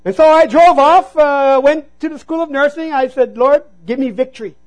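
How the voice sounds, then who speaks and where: A man preaching a sermon, telling a personal story and calling out to the congregation, sometimes dropping to a hush for emphasis. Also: extremely high pitch, moderate pace, low-quality recording. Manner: storytelling, call-and-response "Amen?".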